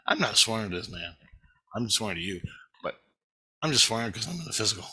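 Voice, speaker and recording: A man's voice: fairly low pitch, sing-song, fast, pauses often, bright, forceful tone, husky, rough recording. A man rambling agitatedly through a profane monologue, swearing constantly as he recounts his visions. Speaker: vlogger recounting spiritual visions.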